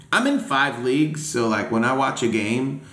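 A man chatting casually about football on a podcast, animated, swearing and venting. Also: medium pitch, measured pace. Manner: animated, swears, vents and laughs. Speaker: podcast co-host. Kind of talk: casual sports chat. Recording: echoey room.

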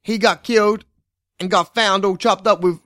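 A man's voice: sits high, steady tone, normal speed, pushed and bright, no room sound, clean studio sound. A man doing a mixed-accent hot-headed detective. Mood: rambling. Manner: hot-headed, rambling, cursing. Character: rookie male detective with patchy mixed accent, tragic backstory. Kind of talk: improvised comedy role-play.

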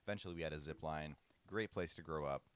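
A young man co-hosting a casual podcast, telling stories in a relaxed, easygoing way. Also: a bass voice, fast talker, smooth, no room sound. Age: young adult. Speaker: podcast co-host. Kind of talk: casual chat, storytelling.

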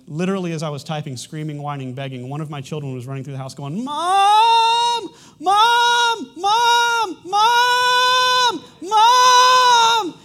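A man in his thirties preaching a sermon as a pastor, talking conversationally with frequent restarts and a light humorous touch. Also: on the high side.

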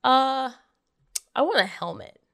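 A woman voicing a sly little male rabbit in a joke, understated and deadpan. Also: sits high, slow pace, vocal fry, voice pushed up, full character voice.

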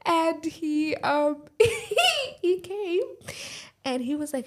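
This young adult woman co-hosts a casual podcast, her high voice moving at a moderate pace. She's an animated storyteller who laughs often and acts out the quotes in her story.

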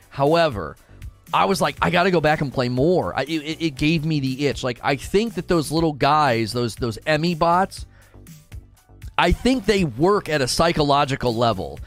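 An animated man talks loosely with his viewers while he plays, answering chat and tripping over his words. His voice sits a little high and swings widely in pitch. Faint music runs behind him. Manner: animated, restarts often, reads chat aloud. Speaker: streamer chatting with viewers. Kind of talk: casual live-stream chat while gaming.

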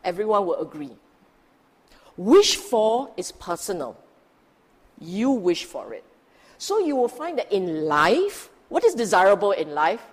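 A woman's voice: medium pitch, very animated, unhurried, pauses often, breathy edge. A woman teaching Buddhist scripture in a dharma talk, emphatic and asking her listeners rhetorical questions. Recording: long hall reverb.

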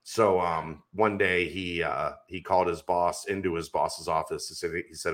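This man's low voice stays steady at a normal speed as he co-hosts a sports podcast. He's an insistent, emphatic debater in a casual setting, prone to wandering into long stories.

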